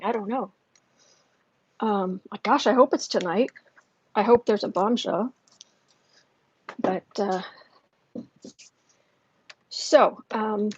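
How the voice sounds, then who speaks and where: A woman hosting a livestream as a tarot reader, chatting casually with many fillers and restarts, speaking softly and gently and sometimes dropping to a near whisper. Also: fairly high pitch, slightly rough, lo-fi sound. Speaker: tarot reader and channel host.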